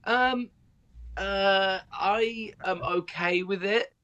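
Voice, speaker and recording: A southern English man in his thirties tells stories as a guest, his accent lightly tinged with Australian vowels. His voice sits a little high for a man, and he talks in an animated way, full of ums and restarts. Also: extremely slow, muffled recording. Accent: southern English, slightly Australian. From southern England. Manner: animated storyteller with frequent fillers and restarts. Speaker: guest, stand-up comedian. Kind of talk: casual interview chat.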